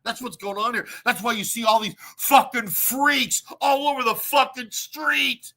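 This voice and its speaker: A man's voice: extremely high pitch, steady tone, unhurried, pushed and bright. A man hosting a livestream, ranting in a rambling, profane way and laughing at his own jokes. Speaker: livestream host. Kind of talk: casual ranting livestream monologue.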